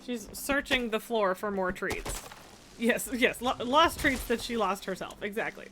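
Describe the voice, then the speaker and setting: A woman with a slightly high voice talks slowly and easily on a live stream. She drifts between soft baby talk to her cat and bright, chatty greetings to viewers. Faint music plays underneath. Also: lively intonation. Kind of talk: casual live-stream chat.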